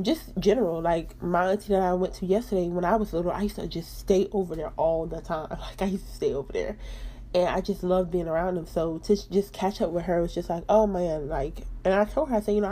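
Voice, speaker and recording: A young woman with a lowish, dark-toned voice hosts her own podcast. She speaks candidly and emphatically about her faith and personal life.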